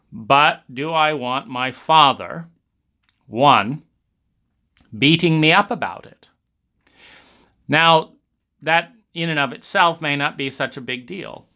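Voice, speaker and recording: A man delivers a spoken monologue about family dynamics in an animated way, often slipping into little acted scenes. His voice is bright and forceful, and his pitch sits in the middle range for a man. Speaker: speaker on trauma. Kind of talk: lecture monologue.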